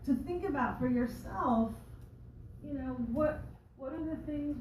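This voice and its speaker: A woman's voice: a little high, highs cut off, slight background noise. A woman coach giving a motivational talk to a live audience, chatty and rambling, with many restarts and asides. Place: library event room. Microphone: room recording from a distance. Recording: echoey room, voice far from mic.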